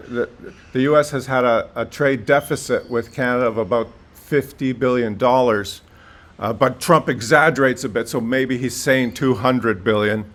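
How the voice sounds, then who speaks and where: A man's voice: medium pitch, fairly bright tone. A man giving video commentary, indignant and explanatory, talking straight to the viewer.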